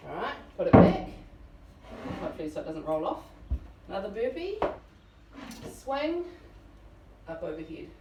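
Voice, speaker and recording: A woman's voice: medium pitch, very animated, moderate pace, long pauses, reverberant, recorded from a distance, heavy background noise. A woman fitness coach at home, talking through workout moves while she demonstrates them. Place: home room.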